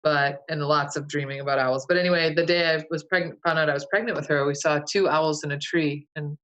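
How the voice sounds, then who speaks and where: A woman's voice: deep voice, fairly even intonation, fairly quick, a bit bright, lo-fi sound. A woman guest, a folk herbalist, telling a vivid dream in a loose, casual way full of "like" and "you know". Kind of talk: casual storytelling interview.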